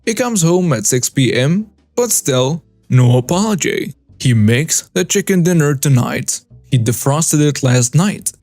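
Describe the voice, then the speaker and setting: A man's voice: fairly high pitch, no echo. A man narrating a reader-submitted story as scripted narration, reading in short clipped phrases. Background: soft background music.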